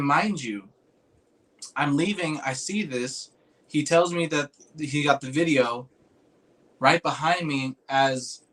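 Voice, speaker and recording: A young man in casual chat, telling a long story, acting out the other people's lines with lots of restarts. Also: mid-range voice. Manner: animated, acts out quoted voices, rambling with restarts. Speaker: podcast host telling a story.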